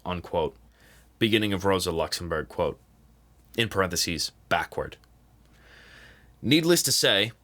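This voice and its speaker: A man reading a political text aloud as an audiobook, saying the quote marks and parentheses out loud. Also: on the low side. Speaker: audiobook reader. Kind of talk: read-aloud nonfiction narration.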